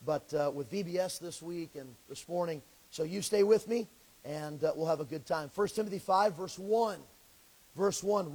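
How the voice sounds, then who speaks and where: High-voiced pastor with crackly voice. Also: male voice, darkish tone. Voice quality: slightly crackly, scraggly voice. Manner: earnest, folksy, pauses to clear throat. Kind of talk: sermon.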